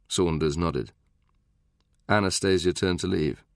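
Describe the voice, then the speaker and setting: A man narrating a thriller audiobook in an even, measured way. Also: low-pitched, no echo, studio quality. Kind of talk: scripted narration.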